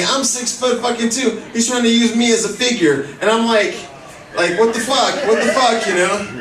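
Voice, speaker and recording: A male comedian working a club stage with a high, light voice, crude and rambling as he acts out the people in his stories. The sound is roomy and echoey, and the mic picks him up from a distance. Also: fairly bright tone. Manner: crude, rambling, heavy profanity, acts out characters' lines. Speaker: stand-up comedian. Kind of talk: stand-up comedy set.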